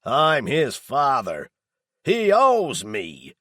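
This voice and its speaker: A male narrator voicing a stocky, bullying middle-aged stepfather who shouts with snarling contempt. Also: on the low side, big pitch swings, a little slow, husky, dry recording, full character voice. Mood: furious.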